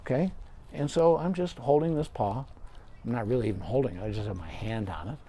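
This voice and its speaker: A man's voice: medium pitch, brisk, warm tone, breathy edge. A middle-aged man, a veterinarian, patiently explaining dog care step by step in a live question-and-answer session, with folksy sayings.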